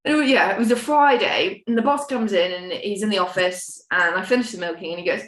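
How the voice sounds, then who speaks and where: A young woman from the United Kingdom, a podcast guest, tells her story in a candid, rambling, self-mocking chat, swearing now and then. Her medium-pitched voice is a bit bright and quick, with few pauses. The room gives a roomy echo.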